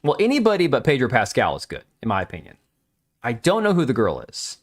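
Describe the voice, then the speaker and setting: A man's voice: mid-range voice, huge pitch swings, quick pace. A man hosting a live stream, giving blunt, opinionated and crude commentary while talking back to his chat.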